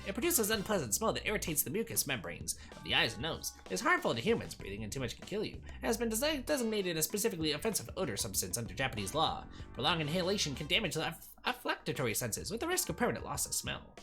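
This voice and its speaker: A man voicing a nerdy know-it-all young detective who lectures eagerly in a high nerdy voice while reading a game aloud. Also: huge pitch swings, fast talker, few pauses, pushed and bright, soft background music, full character voice. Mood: lecturing.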